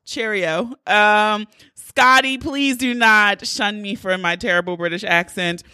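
A woman's voice: medium pitch, fairly even intonation, measured pace, sharp tone, clean tone, no room sound, clean studio sound. A young adult woman hosting her podcast in casual, playful chat, laughing easily. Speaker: podcast host.

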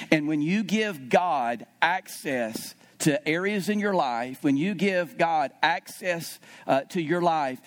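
A man preaching a sermon as pastor at a church service, repeating key phrases for emphasis and calling on the congregation to answer back. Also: a little high. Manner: calls on the congregation to respond.

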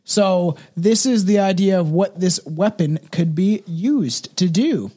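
High-voiced man stumbling through a reading. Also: animated, takes it slowly, mellow, breathy edge. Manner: stumbling reader, frequent restarts and fillers. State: drinking scotch. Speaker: podcast co-host. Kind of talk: casual chat, reading an article aloud.

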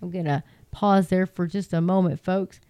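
A middle-aged woman speaks into a handheld mic, chatty and folksy as she reads scripture to her listeners. Her voice is mellow and smooth. The sound is close and dry. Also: on the low side, fairly even intonation, moderate pace, dry recording. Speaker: online Bible teacher. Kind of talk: casual livestream Bible talk and scripture reading.

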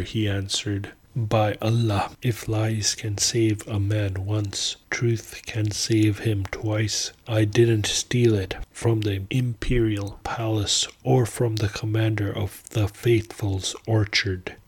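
A man narrating an old tale slowly and evenly in solemn, archaic language. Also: lowish voice, slightly rough. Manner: slow, even reading with solemn archaic diction. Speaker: podcast narrator. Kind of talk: scripted storytelling narration.

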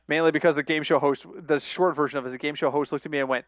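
A young man co-hosting a casual sports betting podcast, telling stories with lively acted-out quotes and frequent laughter. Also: on the high side, fast talker, dry recording, clean studio sound. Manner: animated storyteller, acts out quoted voices, laughs often. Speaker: podcast co-host.

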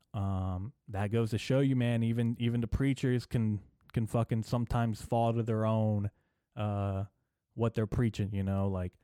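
Rambling, profane young man, low and dark. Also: no room sound, clean studio sound. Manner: rambling, profane, deadpan delivery with filler words. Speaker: podcast host. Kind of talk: casual rambling comedy monologue.

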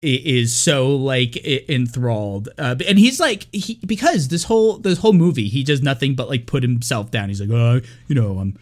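A man with a medium-pitched voice that swings widely in pitch co-hosts an easygoing movie podcast at normal speed with few pauses. He rambles with many fillers and every so often mimics characters in a mocking way.

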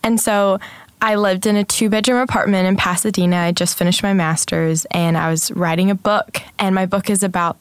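A woman's voice: medium pitch, a little fast, clean tone, no echo. A young woman, a guest in a casual interview, telling stories animatedly and acting out the voices of others. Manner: animated, acts out quotes, frequent "like".

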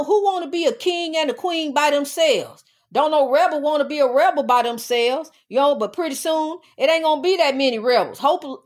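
A middle-aged woman with a high voice hosts her own podcast. She talks in a casual, emphatic and preachy way, circling back to the same points again and again. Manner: emphatic, preachy, repeats itself. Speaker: podcast host. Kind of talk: casual spiritual talk.

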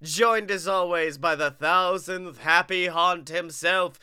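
A man hosting a podcast in casual, jokey chat, hoarse from being sick. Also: high-pitched, slow, bright, forceful tone, no room sound, studio quality. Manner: jokey, puts on silly voices. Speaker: podcast host.

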